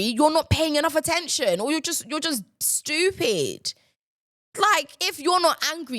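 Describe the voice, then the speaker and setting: A woman's voice: on the high side, a bit bright, no room sound, studio quality. A young woman, hosting a podcast and ranting in an exasperated, repetitive way. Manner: exasperated, ranting, repeats herself. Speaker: podcast host. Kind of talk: casual ranting monologue.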